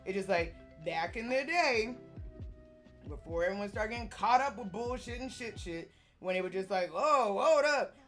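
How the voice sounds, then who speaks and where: Animated young woman chatting casually. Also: mid-range voice, normal speed, faint music behind. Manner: animated, rambling, slangy and profane. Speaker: vlogger. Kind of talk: casual chat.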